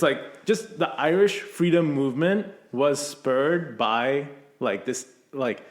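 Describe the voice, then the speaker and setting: A man hosting a casual podcast chat, rambling with lots of fillers as he thinks aloud. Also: a little high. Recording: roomy echo.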